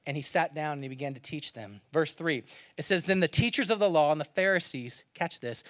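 A man in his thirties, a pastor preaching a sermon and telling stories, swinging between loud emphatic bursts and near-hushed asides. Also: a little high, fairly quick, dry recording, clean studio sound. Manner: animated storytelling, swings from loud to quiet.

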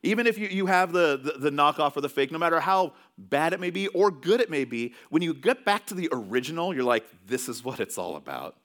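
Guy preaching, lively up and down voice, tells stories, keeps restarting sentences. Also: a little high, brisk, hardly any pauses. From California. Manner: conversational storytelling with many restarts. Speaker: pastor. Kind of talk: sermon.

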